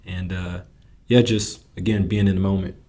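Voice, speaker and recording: A man's voice: deep voice, flat delivery, moderate pace, dark tone. A man co-hosting a casual podcast, speaking reflectively and loosely, with frequent "you know" and "just.". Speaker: podcast co-host.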